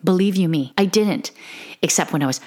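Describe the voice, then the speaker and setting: A woman's voice: on the low side, fairly quick, a little mellow. A middle-aged woman giving an earnest, emotional, candid monologue to other mothers about her parenting. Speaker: parenting podcaster. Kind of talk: confessional monologue.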